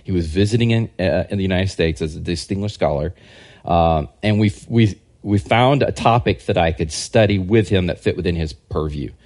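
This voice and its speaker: A man, a historian and scholar, giving a casual podcast interview and telling rambling, animated anecdotes. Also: low-pitched. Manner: rambling, animated anecdotes that act out quoted people. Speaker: guest historian and religious scholar.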